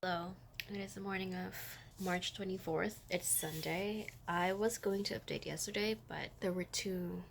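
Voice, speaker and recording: A woman's voice: fairly low pitch, steady tone, moderate pace, vocal fry, a little hiss or hum. A young woman in her twenties from the Philippines chatting casually in a reading vlog, rambling and correcting herself as she goes. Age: 20s. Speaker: book vlogger.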